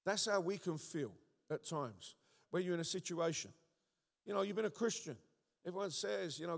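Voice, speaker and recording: Male preacher, high, gravelly voice, animated, asks the room questions, long hall reverb. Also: normal speed. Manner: animated, rhetorical, frequent call-and-response checks. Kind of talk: sermon.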